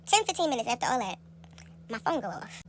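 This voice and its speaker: Recorded on a close-held phone amid slight background noise, a young woman moves at a quick pace through a casual, animated, profane story. She takes on a high voice to act out the people involved.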